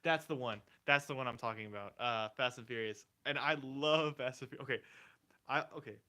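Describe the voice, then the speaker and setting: A man's voice: mid-range voice, fairly quick, pushed and bright. A young man co-hosting a casual movie review podcast, rambling and emotional, laughing often as he talks. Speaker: podcast co-host.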